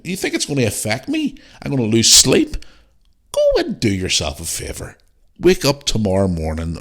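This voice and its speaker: Blunt, sweary man. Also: fairly low pitch. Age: adult parent. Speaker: podcast host. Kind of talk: casual solo podcast talk.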